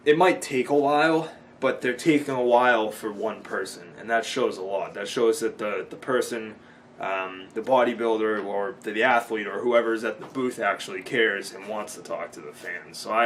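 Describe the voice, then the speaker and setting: A man's voice: fairly low pitch, a bit bright, a little hiss or hum. A man in his twenties from Boston, rambling casually in a vlog recap, with many ums and restarts and frequent swearing. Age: 20s. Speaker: vlogger.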